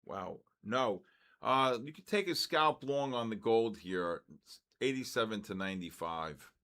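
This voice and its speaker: An older man hosting a live trading session, giving blunt, excitable market commentary and answering chat questions with quick asides. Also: fairly low pitch. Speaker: trading stream host.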